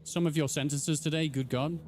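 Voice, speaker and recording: A man's voice: fairly high pitch, steady tone, fairly quick, a little mellow, slight background noise. Playful man streaming a game. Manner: playful, teasing banter with chat. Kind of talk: live gameplay commentary.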